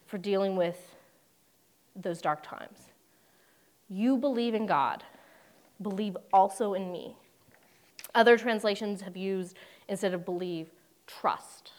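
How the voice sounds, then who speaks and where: A young woman preaching a sermon in a conversational way, with humorous asides and dramatic quoted voices. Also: medium pitch.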